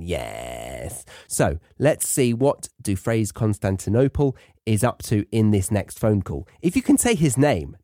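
A man's voice: on the low side, dark tone, dry recording, studio quality. A man with a British accent hosting a podcast for English learners, chatting playfully and repeating words for practice. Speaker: podcast host.

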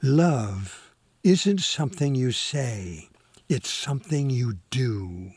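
A man voicing a calm, earnest father in a read-aloud story, with a husky voice. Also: medium pitch, slow pace, dry recording. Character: stern but calm adult father.

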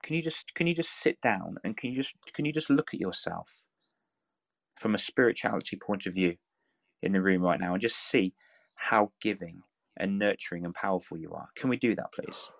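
Earnest man, low dry voice. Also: animated, normal speed, vocal fry, no room sound. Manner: earnest, repetitive, coaxing, full of restarts. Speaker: live audio room speaker. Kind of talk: encouraging motivational talk.

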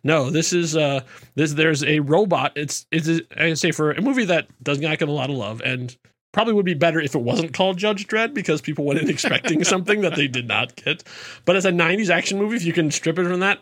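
A man's voice: on the high side, animated, fast, fairly bright tone. A man co-hosting a casual movie podcast, rambling through restarts and laughing often. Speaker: podcast co-host.

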